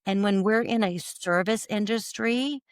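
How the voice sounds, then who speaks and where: A woman's voice: mid-range voice, measured pace, smooth, dry recording, clean studio sound. An American woman, a company CEO and podcast guest, telling earnest stories in conversation and acting out bits of dialogue, often restarting her sentences. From United States. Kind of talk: conversational interview storytelling.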